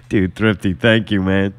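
A man's voice: low voice, fairly even intonation, takes it slowly, no echo. A man hosting a casual comedic chat, loose and profane, laughing along with his guest. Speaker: host.

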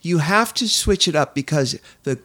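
Older man, podcast co-host, casual chat, animated pitch, laughs easily, restarts sentences. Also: normal speed.

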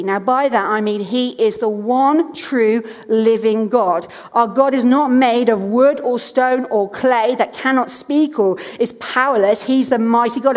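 A woman in her thirties gives a sermon, her voice sitting a little high for a woman. She moves from chatty family anecdotes to earnest, emphatic repetition. The long reverb of a church hall trails behind her words. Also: a little mellow. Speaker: preacher. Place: church stage.

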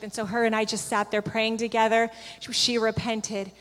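A woman with a somewhat high voice tells a spiritual testimony to a gathering. She tells it earnestly and vividly, acting out what each person said. Her voice rings with the long reverb of a large hall. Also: little pitch movement, normal speed, a bit bright. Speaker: speaker sharing a testimony.

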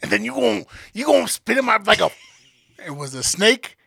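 Gravelly high-voiced man ranting. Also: very animated, normal speed, bright, forceful tone, dry recording, studio quality. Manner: profane, heated storytelling. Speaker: podcast co-host. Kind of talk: casual podcast chat.

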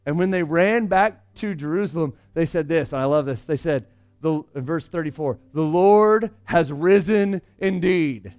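A man preaching a conversational sermon, swinging between loud emphasis and hushed asides. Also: on the high side, normal speed. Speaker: pastor.

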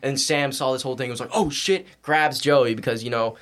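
A young man, a podcast guest, telling a story in a casual, animated, slangy and profane way. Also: medium pitch, quick pace.

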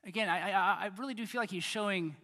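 A man in his thirties preaching a sermon in a conversational way, often repeating words and swinging between loud and quiet. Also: high voice, fast talker, big-room sound. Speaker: pastor.

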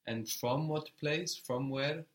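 A man teaching a language lesson, patient and encouraging, prompting a student step by step. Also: fairly high pitch. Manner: patient, encouraging, slow and deliberate.

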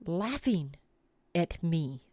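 A middle-aged woman podcast host tells a comic story, swearing often and piling on dramatic emphasis in an animated retelling. Her voice is fairly low in pitch and very slow, heard in a dry recording.

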